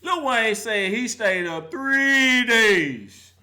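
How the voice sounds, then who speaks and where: A man's voice: extremely high pitch, lively intonation, very slow, sharp tone. A young adult man hosting a live call-in sports show, roasting players and fans in a laughing mock-preacher style.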